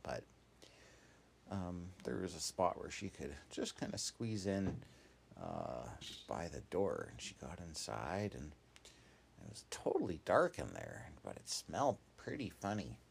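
Gravelly, lively male storyteller. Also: sits low, measured pace, a little hiss or hum. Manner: meandering, casual, with many asides and fillers. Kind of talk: improvised children's story narration.

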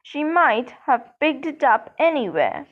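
A woman voicing a kind, calm middle-aged wizard father who reasons patiently. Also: sits high, measured pace, dull audio, slight background noise.

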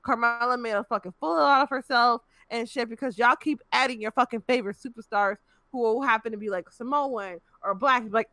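A young woman rants in casual conversation, blunt and profane. Her voice is bright and forceful. The recording is close and dry. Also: a little high, fairly quick, dry recording. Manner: blunt, profane, exasperated ranting. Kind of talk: casual ranting chat.

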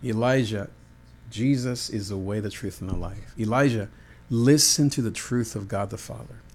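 A man voicing God, giving slow, solemn commands. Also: lowish voice, slight background noise, natural voice.

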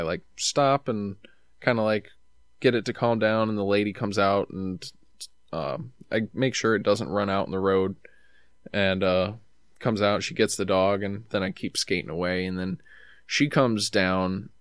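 A man's voice: fairly low pitch, clean tone, no room sound, studio quality. A man telling a long travel story in a rambling, laid-back way, acting out what people said to him. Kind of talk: casual storytelling.

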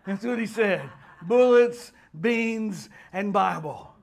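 Male pastor, high voice, fervent sermon delivery with loud shouted peaks. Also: very slow, gravelly. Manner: fervent preaching, rising to shouts.

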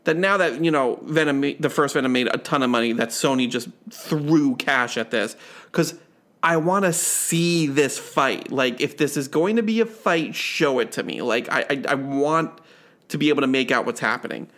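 A man's voice: medium pitch, lively intonation, moderate pace, fairly bright tone. A man co-hosting a casual movie chat, talking in rambling, stammering bursts full of fillers. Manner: chatty, stammering restarts, lots of fillers. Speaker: podcast co-host.

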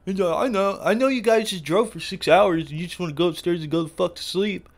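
A man putting on a high, whiny voice to mock a clumsy, apologetic male driver. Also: quick pace. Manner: high-pitched, whiny, sarcastic mockery.

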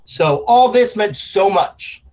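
A man's voice: sits high, lively intonation, slow pace, a little mellow. A man talking casually about grief, intense and rambling, swearing often. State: grieving. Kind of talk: emotional casual talk.

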